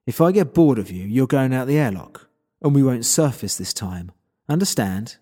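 A man's voice: mid-range voice, expressive, normal speed, warm tone, natural voice. A man voicing a menacing male interrogator who threatens his captive. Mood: threatening.

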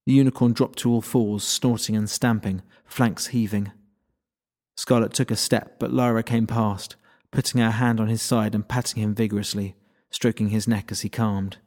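A man reading a fantasy audiobook aloud in steady scripted narration. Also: fairly low pitch, moderate pace.

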